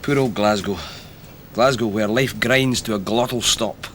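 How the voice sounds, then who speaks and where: A man's voice: on the low side, steady tone, unhurried, a bit bright, slight background noise. An actor playing a wry, middle-aged Glasgow man with a Glaswegian accent who tells dry, witty stories. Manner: wry, storytelling, dry wit. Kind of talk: TV comedy drama acting.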